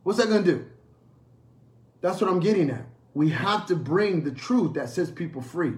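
A man preaching a sermon as a pastor, emphatic and repetitive, moving between loud calls and quieter storytelling. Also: high voice, animated, normal speed, reverberant.

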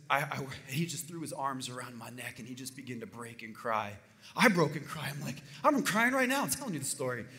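A man preaching a sermon, telling a personal story and then building up with rising fervor. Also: mid-range voice. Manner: animated, building to near-shouts. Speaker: pastor. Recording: reverberant hall.

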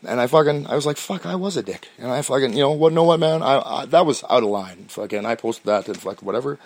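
Fast profane rambling Canadian man. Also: medium pitch, no echo. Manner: profane, rambling, stammering restarts. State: stoned. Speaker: podcast host. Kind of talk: rambling casual monologue.

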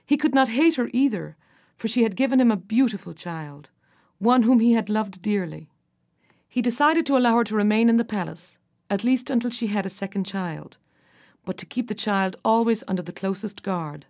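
A woman's voice: medium pitch, normal speed. A woman narrating a storybook fairy tale, her reading rising and falling with the drama. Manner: expressive, rises and falls with the drama.

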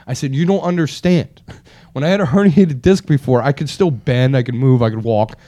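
A man's voice: mid-range voice, fairly quick, warm tone. A man telling a long story in casual chat, swearing often and acting out what people said to him, growing exasperated. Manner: profane, exasperated, acts out quotes.

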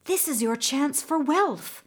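A woman's voice: sits high, animated, slow pace, pitched above the performer's own voice. Woman voicing a bossy whispering horse. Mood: urging. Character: scheming male magic horse, commanding.

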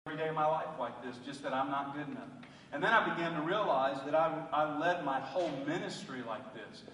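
A man's voice: on the high side, slight background noise. Impassioned preacher man in an echoey hall. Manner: impassioned storytelling preacher, swinging from loud to hushed. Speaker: pastor. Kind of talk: sermon. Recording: echoey hall heard from a distance.

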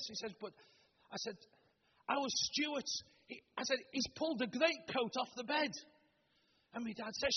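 A man in his seventies with a Stoke-on-Trent accent, opening a sermon with homely, humorous stories, often halting and restarting. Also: high-pitched, husky. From Stoke-on-Trent, England. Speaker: preacher. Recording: dull, long-reverb hall recording.

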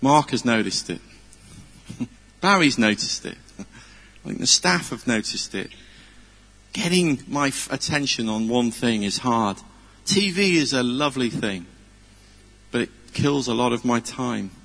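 Guy preaching casual in a church hall, bright gravelly voice, long echo. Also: medium pitch, lively intonation, a little slow. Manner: chatty, self-deprecating, earnest. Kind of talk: informal sermon with personal stories.

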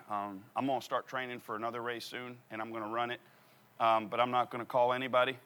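A man preaching a sermon through an animated, comic personal story. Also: medium pitch.

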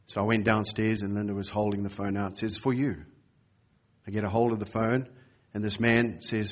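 Husky-voiced man preaching a sermon. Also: lowish voice, little pitch movement, moderate pace. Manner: storytelling, acts out quoted voices. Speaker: pastor. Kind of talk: sermon with personal story.

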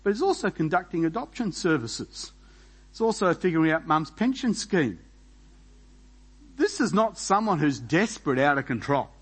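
A man preaching a sermon as pastor, animated and full of rhetorical questions, laughing between points. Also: fairly high pitch, normal speed, breathy edge, poor audio.

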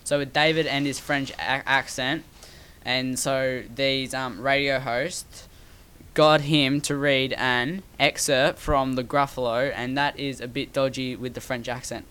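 A man's voice: medium pitch, level tone, a little slow, bright, forceful tone, clean tone. A man co-hosting a casual podcast, talking hesitantly with many ums. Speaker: podcast co-host. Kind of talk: casual chat.

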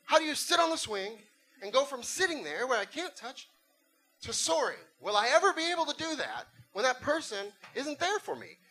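A man's voice: extremely high pitch, sing-song, normal speed, pushed and bright, rough recording. A middle-aged man preaching a sermon, telling a funny story and acting out voices and sound effects. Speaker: pastor.

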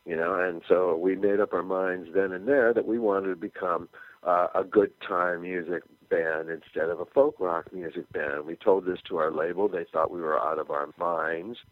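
A man's voice: low voice, normal speed, dry recording. Older man telling stories over a phone line. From California. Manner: animated anecdotal storyteller, acts out quoted dialogue. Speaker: musician guest. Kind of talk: radio interview storytelling. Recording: phone-line interview, dry.

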